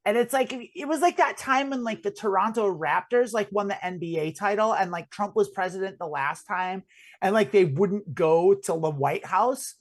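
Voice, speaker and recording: A woman's voice: mid-range voice, normal speed. A woman co-hosting a comedy podcast, rambling and joking with lots of fillers. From United States. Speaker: podcast co-host. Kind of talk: casual comedic chat.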